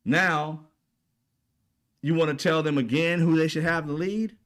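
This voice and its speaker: A man with a fairly high voice rants through a heated political commentary. He swears freely and fires rhetorical questions at his listeners in an indignant, combative tone. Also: fairly even intonation, a little slow, a bit bright. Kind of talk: ranting commentary.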